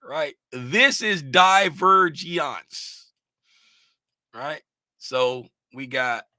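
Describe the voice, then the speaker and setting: A man's voice: medium pitch, dry recording, studio quality. A man walking viewers through price charts in a live lesson, asking the audience questions and drawing out key terms. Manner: animated, sings out terms, asks the audience questions. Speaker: trading educator.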